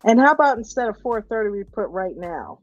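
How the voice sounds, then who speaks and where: A woman's voice: medium pitch, very animated, moderate pace, faint music behind. A woman hosting a casual live stream, upbeat and greeting viewers one by one. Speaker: livestream host. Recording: dull, lo-fi stream audio.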